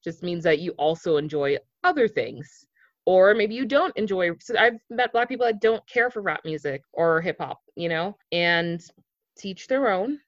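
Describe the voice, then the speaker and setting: A man's voice: high voice, lively intonation, normal speed, a bit bright, no room sound. Laughing man podcast co-host, lo-fi. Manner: chatty, laughs often, swears casually. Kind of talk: casual conversational podcast. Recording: dull, slightly lo-fi, dry.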